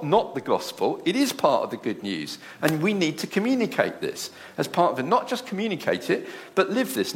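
A man's voice: mid-range voice, fairly bright tone. A man preaching a sermon to a congregation in a church. He asks the room rhetorical questions and takes on dramatic voices when he quotes others.

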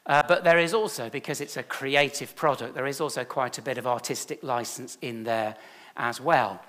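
A man's voice: mid-range voice, fairly bright tone. A man, a church leader giving a chatty, self-deprecating sermon full of stories.

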